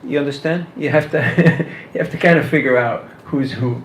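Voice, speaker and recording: A man giving a casual workshop talk on book distribution, animated and full of rhetorical questions, laughing now and then. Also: medium pitch, normal speed, roomy sound, slight background noise, low-quality recording.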